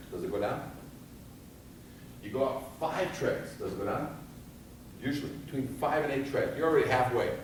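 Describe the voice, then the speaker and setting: A man giving a fire safety seminar, animated and firing rhetorical questions at his audience, recorded in a seminar room. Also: medium pitch, a little hiss or hum. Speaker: fire escape safety instructor. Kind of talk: seminar lecture. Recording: echoey hall from far off.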